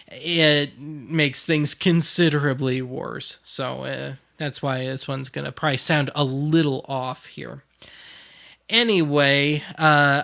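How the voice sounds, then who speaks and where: Brief: male host, casual demo, self-deprecating, close dynamic mic, mid pitch. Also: gravelly, pushed and bright. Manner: rambling, explanatory, self-deprecating. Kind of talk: casual gear demo talk. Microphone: dynamic mic on a stand.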